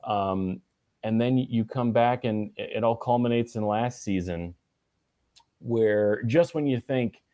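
A man answering interview questions in a relaxed, halting way, with many restarts and fillers. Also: mid-range voice, no echo. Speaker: guest. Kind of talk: casual interview conversation.

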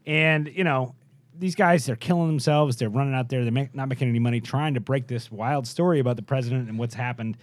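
A man co-hosting a casual podcast, who tells things in a relaxed way with frequent "uh"s. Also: mid-range voice, quick pace, no room sound. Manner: relaxed storyteller, often says "uh". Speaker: podcast co-host.

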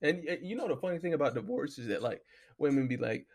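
Gravelly man ranting casually. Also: on the high side, fast talker. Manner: loose, animated storytelling, heavy cursing. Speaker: podcast host. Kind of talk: casual profane commentary.

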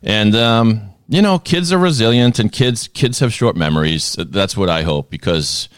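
Deep-voiced jokey middle-aged podcast host. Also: male voice, lively intonation, normal speed, clear, resonant tone, no echo, clean studio sound. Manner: jokey, talkative, breaks off mid-phrase. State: frog in his throat. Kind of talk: casual interview chat.

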